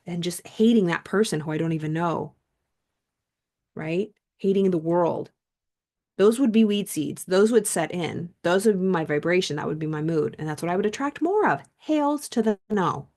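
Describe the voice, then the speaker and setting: A woman with a slightly low voice reads passages from a self-help book and breaks off to talk them over. She speaks casually and with animation, like a coach sharing her own stories. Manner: animated, mixes reading aloud with personal stories.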